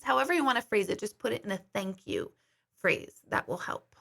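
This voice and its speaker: Blunt, bright-voiced woman medium. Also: medium pitch, moderate pace, creaky. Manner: candid, blunt, swears casually, greets viewers by name. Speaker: psychic medium hosting a livestream. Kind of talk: casual livestream talk.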